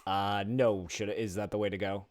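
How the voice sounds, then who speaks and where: A man's voice: on the low side, flat delivery. A tipsy man hosting a podcast, rambling and swearing as he sets up his stream in casual chat. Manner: rambling, swearing, halting restarts. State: drunk. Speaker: podcast host.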